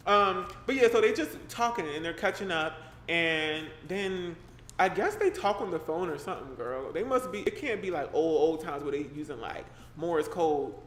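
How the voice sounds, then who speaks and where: A man's voice: a little high, moderate pace. A young man streaming live, reading a horror story aloud and breaking off to joke with viewers in loose, slangy chat. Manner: animated, slangy and joking, breaks off to react to chat. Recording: roomy echo with faint background noise.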